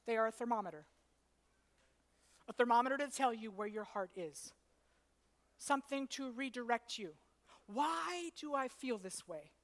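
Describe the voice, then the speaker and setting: A woman preaching a sermon, rising from soft, intimate passages to loud, shouting peaks. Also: on the high side, animated, moderate pace, long pauses. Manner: preaches in rising waves, building to shouts then dropping soft.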